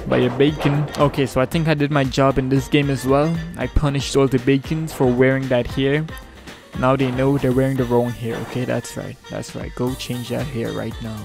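A man giving live gameplay commentary as a gaming YouTuber, with playful mock-villain trash talk and frequent laughs. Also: medium pitch.

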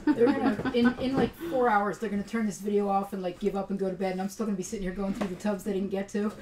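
A woman co-hosting a live toy unboxing, tossing in quick joking asides and questions. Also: medium pitch, fairly even intonation, noisy background. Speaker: co-host of a collectibles show. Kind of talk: casual live unboxing chat.

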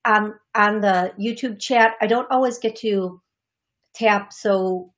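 A woman's voice: mid-range voice, slow, fairly bright tone. A woman hosting a live call-in show as a psychic medium, chatting casually and greeting viewers by name in short bursts full of fillers and restarts.

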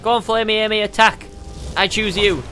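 A man giving excitable let's play commentary, yelping and tossing out goofy exclamations. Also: high-pitched, normal speed, soft background music. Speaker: gamer.

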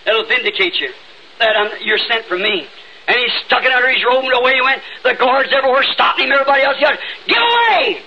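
A man with a Southern accent preaching an old-time revival sermon, fervent and breaking into sudden shouts, recorded in a church. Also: extremely high pitch, fairly even intonation, fairly quick. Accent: Southern United States. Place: church sanctuary. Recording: dull lo-fi 1960s tape with faint hiss.

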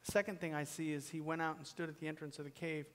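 A man's voice: on the high side, level tone, fast, slight background noise. Fiery preacher man in a big hall. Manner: builds to loud, pleading peaks, then drops to a hushed whisper. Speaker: pastor. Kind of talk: sermon. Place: church sanctuary. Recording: long reverb of a church hall.

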